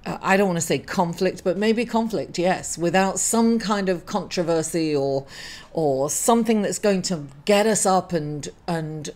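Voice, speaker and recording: A middle-aged woman talks through her weekly astrology reading in a halting, apologetic way, stopping to correct herself and filling pauses. She is grieving and emotional. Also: on the low side, darkish tone. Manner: halting and apologetic, many fillers and self-corrections. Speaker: astrology reader and channel host.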